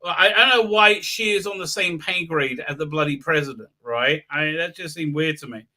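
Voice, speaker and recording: A man's voice: a little high, brisk, sharp tone. A man casually recapping a TV episode on his channel, sarcastic and crude, with many filler uhs and mocking asides. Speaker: YouTube host reviewing a TV episode.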